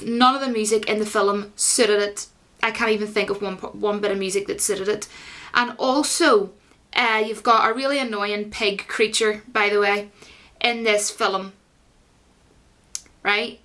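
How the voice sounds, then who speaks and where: A woman's voice: mid-range voice, a bit bright. A young woman giving a blunt, casual movie review straight to viewers, with lots of fillers. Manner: blunt, opinionated, full of fillers.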